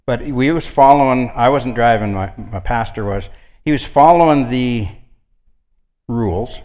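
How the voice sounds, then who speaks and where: A man's voice: medium pitch, a little slow, a little mellow, long reverb tail. A man preaching an informal sermon, telling stories in a folksy, conversational way. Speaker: guest preacher.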